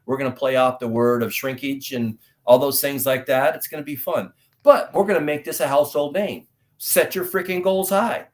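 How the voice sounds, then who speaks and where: A middle-aged man from the United States, an actor guest telling stories in an interview and acting out dialogue loudly. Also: mid-range voice, normal speed. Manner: animated storyteller, acts out dialogue loudly. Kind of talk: storytelling interview talk.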